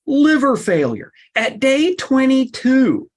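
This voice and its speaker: A man giving a lively seminar talk, emphatic and blunt, his voice leaping up on the points he stresses. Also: slow pace. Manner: emphatic and blunt, with sudden pitch jumps. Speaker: workshop speaker.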